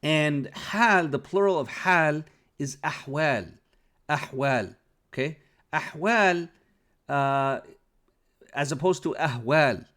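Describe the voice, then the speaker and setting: A man's voice: a little high, slow pace, pauses often, fairly bright tone. A man who is not a native Arabic speaker, teaching Arabic vocabulary patiently and often checking understanding with an "okay?". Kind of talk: explaining a lesson.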